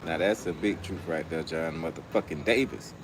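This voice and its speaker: A man's voice: a bass voice, moderate pace, background noise. A young man hosting a casual livestream outdoors, telling stories in loose slang and talking to his chat. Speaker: livestream host. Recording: music playing loudly behind.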